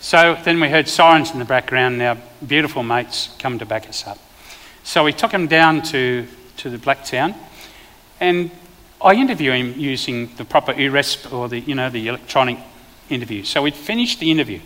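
An Australian man, a preacher and former police officer, telling a vivid testimony in a sermon with sudden loud bursts. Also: mid-range voice, moderate pace, in a large hall.

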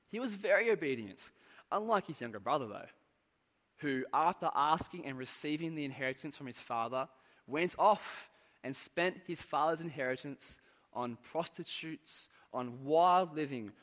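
A man preaching a sermon, earnest and measured, pressing words for emphasis and letting phrase endings fall away. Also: medium pitch, a bit bright. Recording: long hall reverb.

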